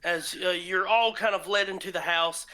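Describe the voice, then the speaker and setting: A man, narrating a tabletop game as game master, slow and halting with many fillers. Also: high voice, fairly even intonation, pushed and bright.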